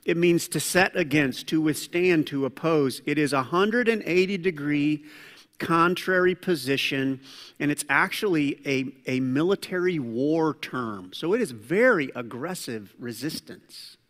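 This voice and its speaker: Animated preacher man in a reverberant hall. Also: a little high, unhurried. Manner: animated, rising to loud preaching then dropping to asides. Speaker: pastor. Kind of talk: sermon.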